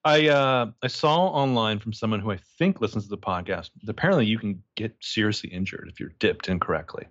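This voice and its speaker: A man's voice: fairly low pitch, a little fast, dry recording, muffled recording. A man co-hosting a podcast, chatting casually and throwing in wry comments. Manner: animated, wry interjections. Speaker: podcast co-host.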